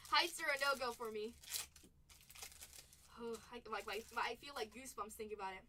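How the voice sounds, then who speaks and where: A young woman hosts a live card break in a high, bright voice. She chats and laughs between calling out cards, sitting a little back from the mic over faint background noise. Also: moderate pace, recorded from a distance. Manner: chatty, calls out cards between stories, laughs often. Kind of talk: casual live-stream chat while opening card packs.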